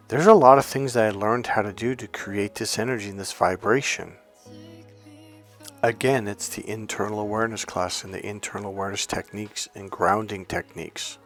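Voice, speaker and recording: A man speaking as a life coach in a calm, soothing, unhurried self-help talk to his viewers. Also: fairly low pitch, soft background music. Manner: addresses viewers directly as coach.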